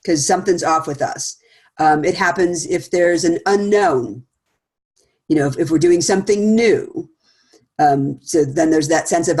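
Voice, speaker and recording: Lively laughing middle-aged woman presenter. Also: lowish voice, moderate pace. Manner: animated, laughs often, acts out quotes. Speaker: speaker series presenter. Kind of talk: casual conversational talk.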